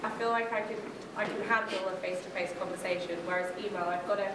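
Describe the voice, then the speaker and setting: A woman from the audience, answering in a thoughtful, measured way with a few um fillers. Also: medium pitch, steady tone. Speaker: audience member. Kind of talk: casual answer in a Q&A. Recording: very echoey room from far off, loud noise.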